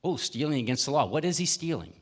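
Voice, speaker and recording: A man's voice: mid-range voice, sing-song, fast. A man playing a stern male judge who lays down the law in a children's story. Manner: stern, commanding. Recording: echoey church hall.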